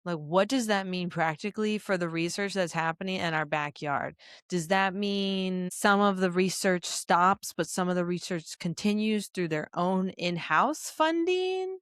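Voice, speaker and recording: A woman's voice: lowish voice, a bit bright, clear, resonant tone, no room sound, clean studio sound. A woman co-hosting a podcast, asking pointed questions and pressing for plain answers. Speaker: podcast co-host. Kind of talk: casual podcast discussion.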